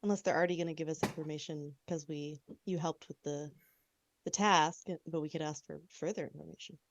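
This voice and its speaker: A woman playing a tabletop game, reasoning out a plan quickly. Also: low-pitched, steady tone. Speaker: player. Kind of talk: casual tabletop play.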